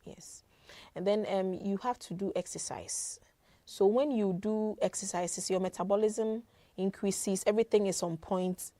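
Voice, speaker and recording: A woman's voice: mid-range voice, a little slow, warm tone, dry recording. A woman working as a midwife, earnestly explaining health advice with frequent fillers and repeated words. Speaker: midwife guest.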